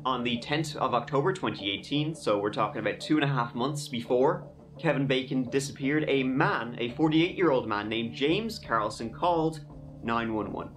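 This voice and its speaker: Casting note: podcast host, mid-pitched man, casual storytelling with sarcastic asides, faint music behind. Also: moderate pace. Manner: conversational, wry asides. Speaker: true crime podcast host. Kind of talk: casual true crime narration.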